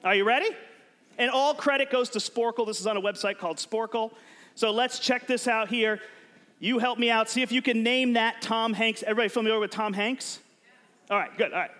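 High, lively man preaching to a crowd. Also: a little fast. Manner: animated and joking, prompts the crowd to shout answers. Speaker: youth pastor. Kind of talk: energetic sermon to a live audience.

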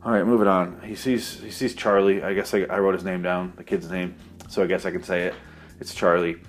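A man's voice: deep voice, level tone, a little fast, soft background music. A man giving a sarcastic, profane, rambling comedic recap of a movie plot.

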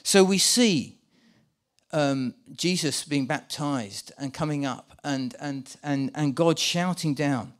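Brief: male preacher, a touch high in pitch, lively and stumbling over his words, leading a church re-enactment. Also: takes it slowly. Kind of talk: sermon with live volunteer re-enactment. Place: church with a live congregation.

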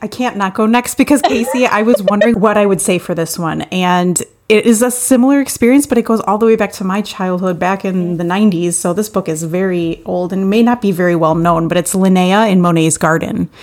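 A woman's voice: medium pitch, brisk, hardly any pauses, darkish tone. A woman in her thirties, chatting casually as a podcast guest and laughing easily.

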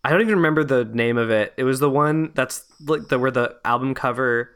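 In a smooth, slightly bright mid-range voice, a man from Canada co-hosts a podcast at a fairly quick clip. The talk is rambling and casual, packed with fillers and false starts, and things amuse him readily.

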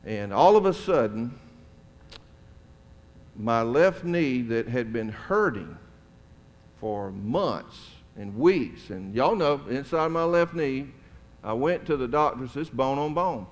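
A middle-aged male pastor with a mid-range, animated voice delivers a storytelling sermon in a church sanctuary, taking it slowly with long pauses. His manner is conversational and folksy, with chuckling asides, and the recording carries the long reverb of a church hall.

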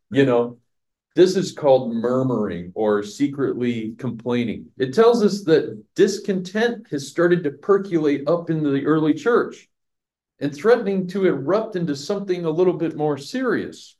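Mellow-voiced man teaching scripture. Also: fairly high pitch, expressive, moderate pace. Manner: conversational, asks the audience questions, laughs at own jokes. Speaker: pastor teaching a Bible study. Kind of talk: verse-by-verse teaching.

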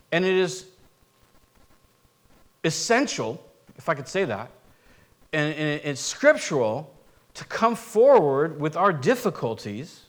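A man preaching a sermon in a conversational, animated way, often acting out quoted voices. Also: high-pitched. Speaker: pastor.

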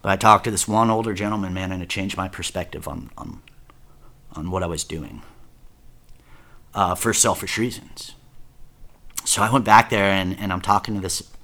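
A man's voice: deep voice, moderate pace, long pauses, sharp tone. A man casually telling his own story, swearing a lot, repeating himself and saying "dude" often. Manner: profane, rambling, repeats words and says "dude" often.

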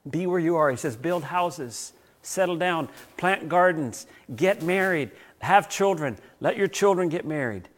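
A man's voice: a little high, expressive, measured pace, few pauses. Male pastor preaching. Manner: storytelling with swings from loud to hushed. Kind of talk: sermon.

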